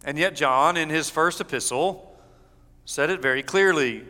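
A man preaching a sermon as pastor, measured, going low and soft when he reads scripture. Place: church sanctuary. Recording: church hall reverb.

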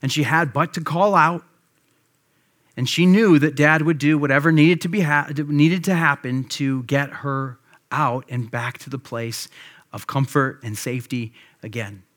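A male pastor in his thirties preaching to his church. He tells a story in a loose, chatty way, full of ums and restarts, with a voice that sits at an ordinary middle pitch. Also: fairly bright tone. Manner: conversational storytelling with many fillers. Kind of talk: sermon.

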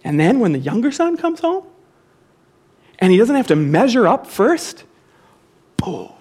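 A man's voice: high-pitched, sing-song, a little slow, a little mellow. A pastor preaching a sermon to his congregation, repeating key phrases for emphasis and calling the listeners to say them back with him.

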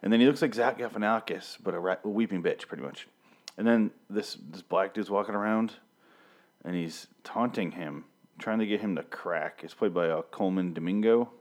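A man in his thirties hosting a casual solo review show. He talks in a rambling, irreverent way, swears a lot and keeps interrupting himself. His voice sits a little low, recorded close on a studio mic. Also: normal speed. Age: 30s. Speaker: podcast host reviewing a TV show. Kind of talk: casual, profane solo commentary. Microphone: studio mic with pop filter.

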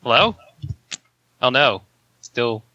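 A man's voice: medium pitch, sing-song, slow pace, pushed and bright, dull audio, slight background noise. A man co-hosting a casual podcast chat, stammering a little and giggling.

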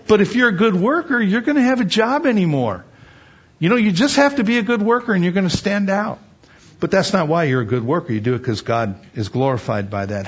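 Older guy preaching, kinda husky, voice on the high side, muffled lo-fi sound. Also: a little fast. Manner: conversational, animated, rising to excited emphasis. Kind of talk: sermon. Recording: dull lo-fi recording.

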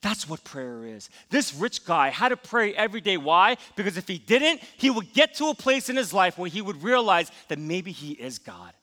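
A man's voice: high voice, sing-song, normal speed, hardly any pauses, sharp tone, big-room sound. A man preaching a sermon as pastor, telling a personal story and acting out his own thoughts.

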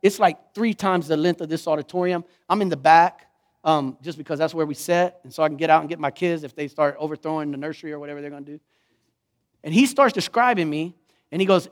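A middle-aged man, preaching a sermon, telling a story and swinging from hushed to fervent. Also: a little high, quick pace. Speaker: pastor.

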